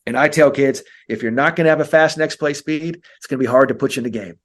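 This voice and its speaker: A man's voice: racing, few pauses. A man, a mental skills coach, talking in a podcast interview and acting out coach and player dialogue. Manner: animated, acts out coach and player dialogue with big pitch jumps.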